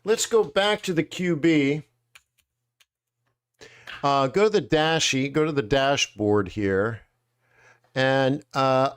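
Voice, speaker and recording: A man hosting a live trading webinar, chatting casually in slangy, animated storytelling that acts out quotes. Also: mid-range voice, slow, pauses often, clean tone. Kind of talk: casual chat.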